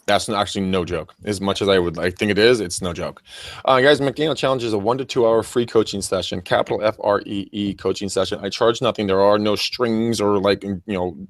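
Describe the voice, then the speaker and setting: Brief: low-voiced man, podcast co-host, animated and swearing, close dry mic. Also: brisk, dry recording. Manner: animated, profane, acts out scenes. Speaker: podcast co-host and real estate coach. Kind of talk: casual podcast chat.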